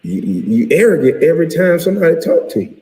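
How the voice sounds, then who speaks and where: A man in his forties, a retired pro athlete, ranting to camera in a profane, heated, animated way. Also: on the high side, fast talker. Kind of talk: casual rant to camera. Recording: echoey room with long reverb.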